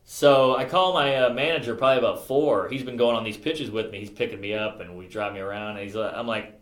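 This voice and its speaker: A male comedian telling a rambling comic story in an animated way, acting out other people's lines. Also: medium pitch, fast talker. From New York. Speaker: comedian guest. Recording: roomy echo.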